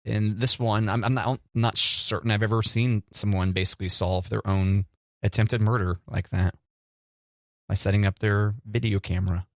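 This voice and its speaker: A man's voice: on the low side, steady tone, moderate pace, no echo, studio quality. A middle-aged man co-hosting a radio show, chatting casually and joking with a teasing manner. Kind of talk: casual banter.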